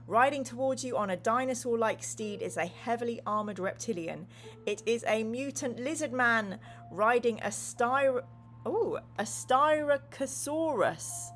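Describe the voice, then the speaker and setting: Her voice is a little high and a bit bright, at a normal speed, as the gamebook host continues her casual playthrough. She reads comments from viewers with playful energy and gives the story's narration a dramatic flair.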